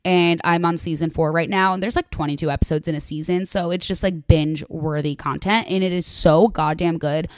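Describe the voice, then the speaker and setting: A woman's voice: on the low side, fairly even intonation, fairly quick, few pauses, no echo. A young woman hosting a podcast in casual solo chat, gossipy and emphatic, full of "like" and swearing. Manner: gossipy and emphatic, heavy "like" filler, rants with swearing. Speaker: podcast host.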